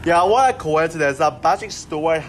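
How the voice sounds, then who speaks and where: Exasperated man ranting, slightly high voice. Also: expressive, moderate pace, slight background noise. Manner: exasperated, rambling, swears a lot. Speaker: movie reviewer. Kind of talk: casual rant.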